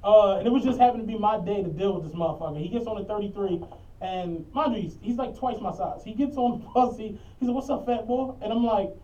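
A man, a podcast co-host and bus driver, telling stories in a loud, animated, profane way. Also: high voice, quick pace. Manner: animated, profane, acts out quotes. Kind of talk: casual storytelling chat. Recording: muffled lo-fi audio from a distant mic.

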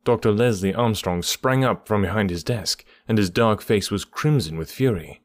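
A man narrating an audiobook chapter in a steady, even storytelling manner. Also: lowish voice, normal speed, hardly any pauses, no echo. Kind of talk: scripted narration.

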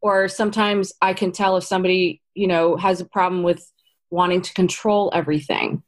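A woman's voice: on the low side, moderate pace. A middle-aged woman, a casting director, chatting in an interview and acting out quoted lines as she tells stories. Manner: animated storyteller, acts out quotes. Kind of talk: casual interview chat.

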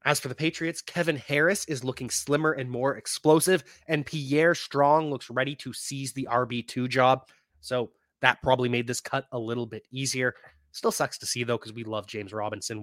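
Bright, animated sports podcast man. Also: mid-range voice, normal speed, dry recording, studio quality. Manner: animated, laughs at his own points. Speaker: fantasy football podcast host. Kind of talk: casual sports talk.

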